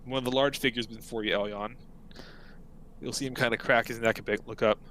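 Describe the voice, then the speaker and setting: A man runs a tabletop role-playing game as its game master, describing scenes in a loose, casual way with frequent restarts. His voice sits at a middling pitch, with a faint hiss of background noise under it. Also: steady tone, fairly quick, a bit bright, rough recording.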